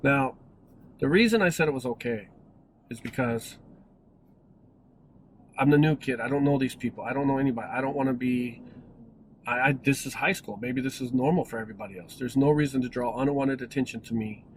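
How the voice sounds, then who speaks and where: A man's voice: medium pitch, a little fast, pauses often, a little hiss or hum, poor audio. A man in his forties telling a personal story in a casual, rambling way, with many restarts and self-corrections. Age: 40s. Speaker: vlogger.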